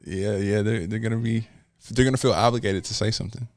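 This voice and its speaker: A man's voice: fairly low pitch, steady tone, quick pace, darkish tone, no room sound. A man co-hosting a podcast, mostly answering with short agreements in casual chat. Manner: short backchannel replies.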